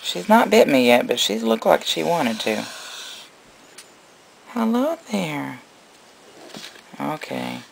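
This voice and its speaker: A man's voice: fairly high pitch, big pitch swings, normal speed, gravelly, few pauses, a little hiss or hum, low-quality recording. A man running a casual vlog as a reptile breeder, mixing cooing baby talk to his animals with plain explanation.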